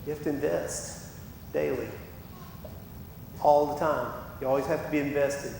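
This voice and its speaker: A man's voice: fairly even intonation, moderate pace, vocal fry, a little mellow. A man preaching a sermon as pastor, impassioned and given to acting out what people say. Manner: impassioned, acts out quoted voices. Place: church sanctuary. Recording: echoey church hall with rumble.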